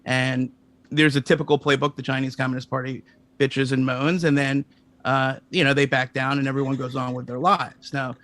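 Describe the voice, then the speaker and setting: A man answering interview questions in a calm, explanatory, matter-of-fact way. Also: medium pitch, moderate pace. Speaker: interview guest.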